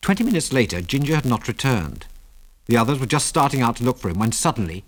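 A man narrating an adventure story in a measured, expressive way. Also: medium pitch.

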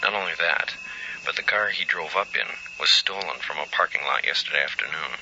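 An actor playing a brisk male hospital colleague on the phone who reports the facts in a matter-of-fact, dry way. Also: rumbling low, noisy background. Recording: dull sound with faint ambience.

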